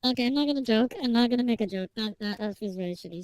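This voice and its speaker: Female streamer reading game text aloud; mellow and dry, self-conscious chatter, accent drifts. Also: a little high, very fast, no echo, poor audio. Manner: slips between accents when narrating.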